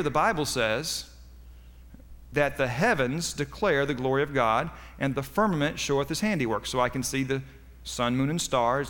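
A man's voice: mid-range voice, fairly bright tone, long reverb tail. A man preaching a sermon as pastor, with a folksy, joking delivery that rises for punchlines.

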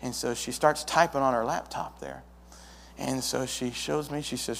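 A man's voice: mid-range voice, fairly even intonation, moderate pace, vocal fry, slight background noise. A young man planting a church, telling his story to a congregation in a folksy way and acting out the dialogue. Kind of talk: testimony to a congregation. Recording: long hall reverb.

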